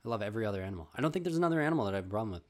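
A young man telling a comedic story, animated and swearing, calling listeners bro and dude. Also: fairly low pitch, rapid-fire.

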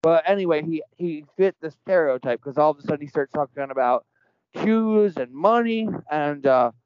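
A man's voice: a little high, normal speed, darkish tone, clean tone, no echo. A man telling a story in casual conversation as a podcast guest, earnest and rambling, framing it in spiritual terms. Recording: dull lo-fi dry sound.

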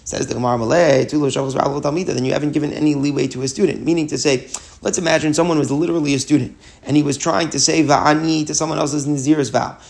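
A man's voice: fairly high pitch, steady tone, quick pace, gravelly. A man teaching a Talmud lesson, reading short Hebrew and Aramaic phrases and explaining each in English, often restarting his sentences. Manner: restarts and repeats words while explaining.

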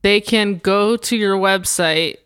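Deadpan woman co-host, smooth voice. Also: mid-range voice, slow pace, no echo. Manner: dry, deadpan wisecracks. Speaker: podcast co-host. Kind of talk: casual comedic banter.

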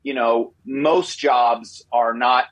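A man in his fifties speaks as an interview guest, with a husky voice at a middle pitch. He talks in an animated way, repeats words and tags his points with quick questions. The sound is dry and close to the mic. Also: no room sound, highs cut off. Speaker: guest, former corporate spy. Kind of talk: interview storytelling.

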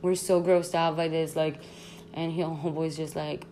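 A young woman hosting a podcast, telling a story in a casual, animated, slangy way, full of "like" and swearing. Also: low voice, moderate pace, slight background noise. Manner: animated, slangy, constant "like", swearing, laughs often. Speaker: podcast host.

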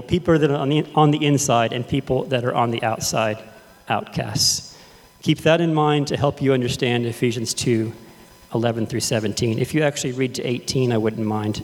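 A middle-aged man raised in Texas preaches to his congregation in an easy, chatty style, often checking in with them. His voice sits a little high. The sound carries a long hall reverb. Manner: casual, conversational, addresses the congregation directly. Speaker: pastor. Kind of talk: sermon with storytelling. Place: church sanctuary.

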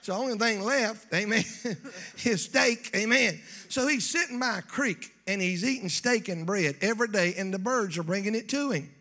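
A man preaching a folksy, joking sermon in church that builds to shouting. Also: high voice, expressive, moderate pace. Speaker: pastor.

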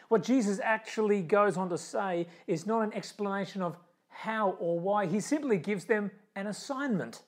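A pastor delivers a sermon with emphatic, dramatic phrasing. He builds up on key lines, then drops to a near hush. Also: a little high.

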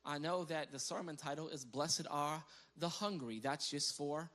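A male pastor preaching a sermon, his voice pitched high and ringing bright. He moves between calm teaching and loud, emphatic preaching. He reads scripture aloud and tosses playful asides to the congregation. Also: normal speed.

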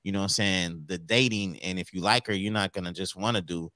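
A man's voice: low-pitched, a little fast, sharp tone, dry recording, studio quality. A married man co-hosting a casual podcast chat, telling laid-back stories with slang. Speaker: podcast co-host.

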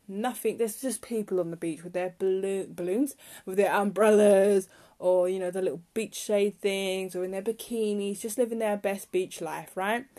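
A young woman talks casually on her own podcast. She rambles from point to point in a chatty way and grows heated when something annoys her. Her voice sits at a middling pitch. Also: darkish tone. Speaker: podcast host. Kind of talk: casual solo chat.

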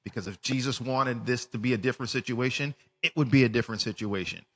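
A man co-hosting a casual faith podcast, animated and lively, who stumbles and restarts his words. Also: mid-range voice, quick pace, slightly rough, big-room sound. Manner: animated, acts out voices in retellings, restarts words. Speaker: podcast co-host. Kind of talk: casual faith discussion with scripture reading.

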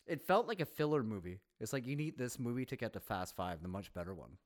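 A man co-hosting a movie review podcast, chatting casually and laughing often between quick asides. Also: mid-range voice, animated. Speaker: podcast co-host.

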